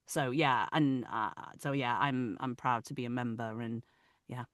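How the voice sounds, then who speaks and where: A woman with a Manchester accent, an audiobook narrator chatting in an interview over a video call; she laughs often and lets her sentences trail off softly. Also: rumbling low, fairly even intonation, measured pace, dry recording, clean studio sound. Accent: Manchester English. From Manchester, England. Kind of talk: casual interview chat.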